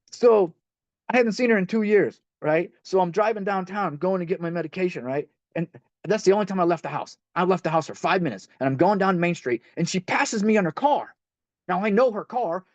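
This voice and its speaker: A man's voice: sits high, lively intonation, fairly quick, dry recording. A man leading a recovery step workshop in conversational teaching talk. He repeats himself and speaks straight to the group. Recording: dull lo-fi dry recording.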